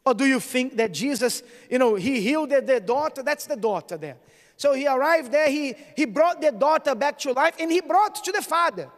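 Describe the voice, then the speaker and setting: A man's voice: very high-pitched, lively intonation, moderate pace. A man preaching a sermon as a bishop, asking the congregation questions and answering them himself. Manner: preaching with call-and-response questions. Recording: church hall reverb.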